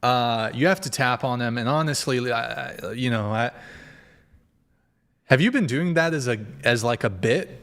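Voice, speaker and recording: A man's voice: medium pitch, moderate pace, a bit bright. A man hosting a podcast, chatting casually and rambling with many fillers while reacting to a clip. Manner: rambling, filler-heavy, restarts. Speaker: podcast host.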